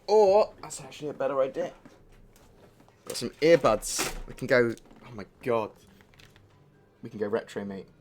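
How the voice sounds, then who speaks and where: A man's voice: medium pitch, very animated, normal speed, pauses often, a little mellow, a little hiss or hum. A man streaming a video game live, chatting in a rambling, distracted way with plenty of asides. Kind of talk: live-stream chat while gaming. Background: faint music.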